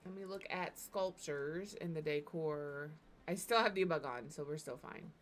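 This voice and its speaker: A woman streaming as she builds in a game, talking in a relaxed, chatty way and giggling through her stories. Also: low voice, moderate pace, soft background music. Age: adult parent. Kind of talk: casual chat while building in a game.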